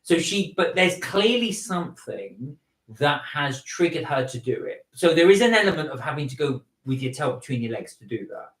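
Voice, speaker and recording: A man co-hosting a casual live stream, reading viewer comments aloud and reasoning things out in a measured way. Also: a little high, big pitch swings, fairly bright tone, reverberant, low-quality recording.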